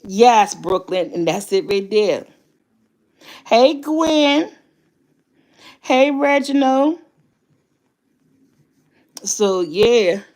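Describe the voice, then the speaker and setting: Vlogger, woman in her fifties, fairly high voice; candid, emphatic motivational chat with plenty of swearing. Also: lively intonation, extremely slow, long pauses, darkish tone. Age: 50s. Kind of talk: casual motivational talk.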